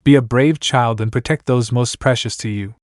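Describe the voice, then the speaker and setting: A man's voice: mid-range voice, moderate pace, no echo, lightly acted. Guy reading as a cheery young pirate, kind, dry sound. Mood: encouraging.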